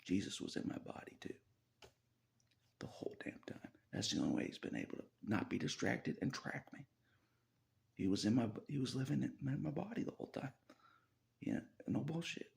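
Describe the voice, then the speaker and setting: A man's voice: mid-range voice, lively intonation, moderate pace, gravelly, darkish tone. A man talking through a rambling personal monologue, chuckling often and dropping into half-whispered asides. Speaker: vlogger.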